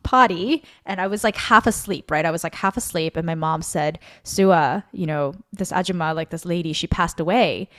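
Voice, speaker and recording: A woman's voice: fairly low pitch, normal speed, few pauses, fairly bright tone. A woman co-hosting a podcast, sharing a personal story in a rambling, chatty way full of fillers and self-corrections. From Korea. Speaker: podcast co-host. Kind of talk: casual testimony chat.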